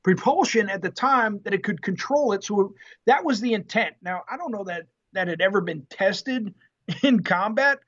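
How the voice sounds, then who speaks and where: A former Marine telling an animated story in an interview, acting out the quotes with salty language. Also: male voice, high-pitched, moderate pace, breathy edge, highs cut off. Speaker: guest, former Marine tank driver.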